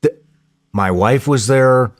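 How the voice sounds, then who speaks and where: A man telling a story in a podcast interview in a casual, profane, excitable way, often restarting his sentences. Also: medium pitch, slow.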